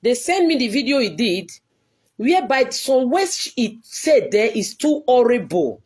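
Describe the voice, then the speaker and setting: A woman's voice: fairly high pitch, very animated, a little slow, darkish tone. A woman, a church leader, giving an earnest, pleading video address to her followers and repeating herself often.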